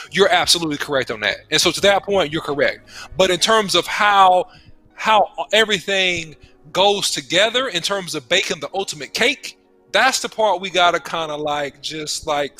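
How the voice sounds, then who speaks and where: A man's voice: a little high, bright, forceful tone. A man co-hosting a casual sports talk stream who stammers through restarts, repeats himself and explains with homespun analogies. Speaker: co-host and football analyst.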